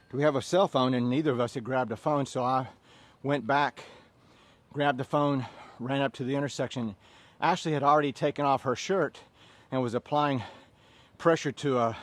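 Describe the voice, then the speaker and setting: A man in his fifties leading a workout class, chatting and joking between sets and counting reps in loud bursts. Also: medium pitch, dry recording. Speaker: fitness instructor.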